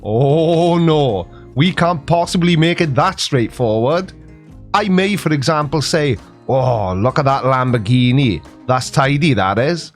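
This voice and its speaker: Welsh man, 40s, host. Mock-serious comic delivery, slightly raised pitch. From Wales. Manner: dry, mock-serious, playful. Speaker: comedy video host. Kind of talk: scripted comic explainer to camera.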